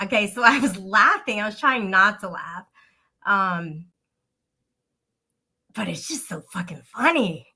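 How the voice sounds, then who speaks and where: A woman's voice: medium pitch, pushed and bright. A woman hosting a casual live stream, teasing her chat, giggling often and swearing freely. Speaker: livestream host.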